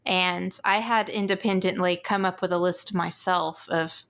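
A woman co-hosting a podcast in casual chat, talkative and quick to laugh. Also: fairly low pitch, steady tone, fairly bright tone, slight background noise. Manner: chatty, laughs easily. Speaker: podcast co-host.

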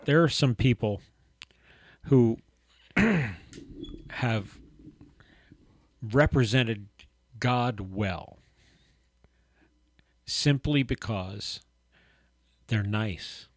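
A middle-aged man co-hosts a casual Christian talk podcast, speaking in a medium-pitched voice at a very slow pace with frequent pauses. He's an animated storyteller who acts out quotes during the faith discussion, and the recording is dry.

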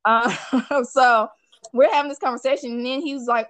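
A slightly high-voiced woman hosts a casual chat, blunt and animated as she tells her stories. The sound is dry and close. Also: fast talker, no room sound, rough recording. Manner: blunt, animated storytelling with profanity. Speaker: podcast host.

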